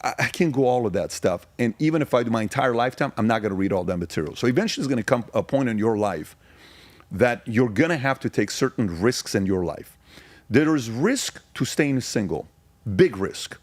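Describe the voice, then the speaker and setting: A man's voice: mid-range voice, lively intonation, brisk, no echo. Emphatic man from Iran, dry close sound. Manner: emphatic, fires rhetorical questions. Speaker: podcast guest. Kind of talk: casual storytelling interview.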